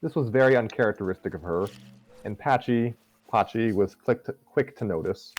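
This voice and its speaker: Man, fairly low voice, relaxed chatty narration, fan story reading. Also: normal speed, low-quality recording. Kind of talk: casual fan fiction narration.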